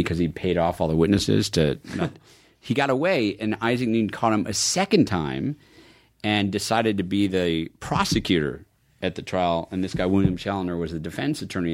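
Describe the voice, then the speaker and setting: A man guest in a casual interview, telling stories in a lively way and voicing quotes in a higher tone. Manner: animated storyteller, acts out quotes in a higher voice. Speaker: film producer guest.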